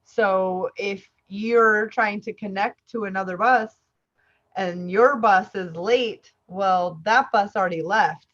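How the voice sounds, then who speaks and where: A woman's voice: medium pitch, slow, fairly bright tone, dull audio. A woman co-hosting a casual podcast, telling a rambling, conversational story. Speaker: podcast co-host.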